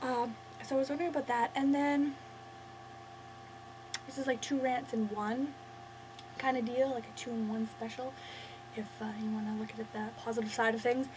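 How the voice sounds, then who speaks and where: A woman's voice: fairly high pitch, steady tone, normal speed, long pauses, noisy background. A Canadian woman ranting casually to her camera, rambling and interrupting herself as she goes. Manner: rambling, chatty, self-interrupting. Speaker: vlogger.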